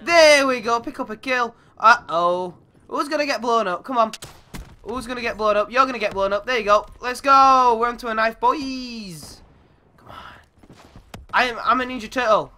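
Excitable young gamer. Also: male voice, moderate pace. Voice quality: goes squeaky when yelling. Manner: excitable, shouts and swears at the game. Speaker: gaming YouTuber. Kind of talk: live gameplay commentary.

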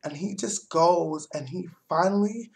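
A young man vlogging, telling a story in a heavily profane, animated rant. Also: on the high side, a little slow, vocal fry.

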